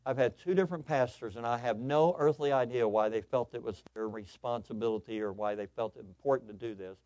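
A male pastor preaching a sermon, telling personal stories in an animated, excitable way with lots of repetition. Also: mid-range voice, a little fast, dry recording.

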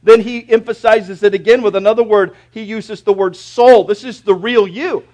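High-voiced preaching pastor. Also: male voice, fairly even intonation, normal speed. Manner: preachy, emphatic, dramatic swings in loudness. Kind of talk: sermon.

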